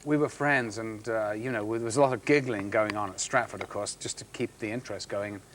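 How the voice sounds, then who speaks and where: A middle-aged man, an actor guest on a chat show, telling a story with halting restarts and acting out the voices of the people in it. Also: on the low side, steady tone, fairly bright tone, slight background noise.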